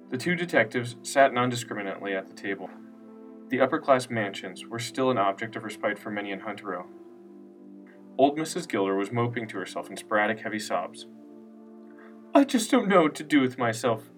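A man narrating a scripted story in a steady, unhurried reading voice. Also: lowish voice. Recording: distant mic with faint music.

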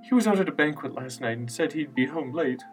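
A man reading a story, voicing a frail grieving old woman in her seventies who is tearful and quick to snap. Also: medium pitch, animated, voice pushed up, close to an everyday voice. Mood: weepy, vague. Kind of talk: audiobook character voice. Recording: distant mic with faint music.

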